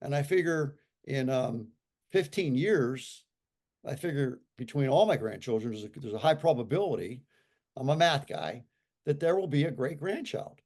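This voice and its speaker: Animated, emphatic man in his sixties. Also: medium pitch, moderate pace. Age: 60s. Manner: animated and emphatic, repeats points for effect. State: recovering from a stroke. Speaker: interview guest. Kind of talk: casual conversational talk.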